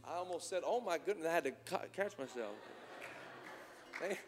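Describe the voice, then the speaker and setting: A man preaching as pastor, moving from quiet talk to shouted praise. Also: a little high, animated, moderate pace, in a large hall, soft background music. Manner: preaching, swinging from soft to shouting. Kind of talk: sermon. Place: church sanctuary.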